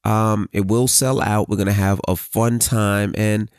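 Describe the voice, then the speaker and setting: Low-voiced man telling a lively story. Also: unhurried, smooth, no room sound, studio quality. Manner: animated storytelling, swearing, hums sound effects. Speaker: podcast co-host. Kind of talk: casual chat.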